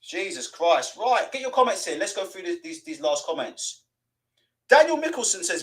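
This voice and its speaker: Animated man ranting live. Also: a little high, a little fast. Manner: animated, swears freely, mocking put-on voices. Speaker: boxing livestream host. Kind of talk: live-stream rant and comment reading.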